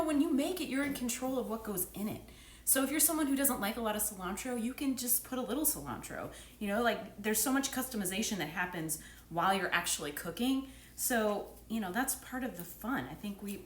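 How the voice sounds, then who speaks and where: A woman cooking in her kitchen talks straight to her viewers in a bright, playful way, teasing herself as she goes. Her pitch is a bit high and swings all over the place. The room sounds echoey, and a faint hiss sits under her voice. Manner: chatty, playful, self-teasing asides. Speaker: cooking vlogger. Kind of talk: casual cooking demo chat. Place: home kitchen.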